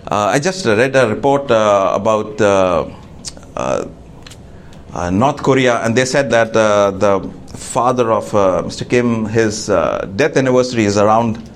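A man preaching a sermon to a congregation, halting with many fillers and restarts. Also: lowish voice, slight background noise. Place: church.

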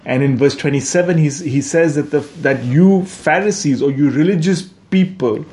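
A pastor with a fairly high, slightly mellow voice preaches a sermon at normal speed. His delivery is conversational, with frequent "right?" asides to check in and self-corrections along the way.

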